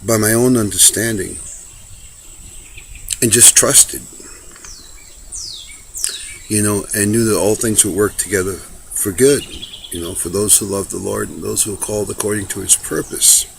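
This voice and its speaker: A man's voice: on the low side, steady tone, measured pace, vocal fry, long pauses, slight background noise. A man speaking an earnest personal message to a friend, impassioned and preachy, often repeating himself.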